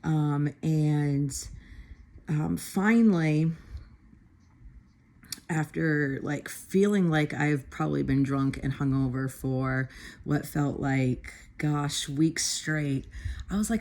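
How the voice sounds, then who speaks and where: A woman in her thirties giving a personal faith testimony to her camera, speaking earnestly and haltingly with many fillers and restarts. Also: deep voice, a little mellow. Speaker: church member giving testimony.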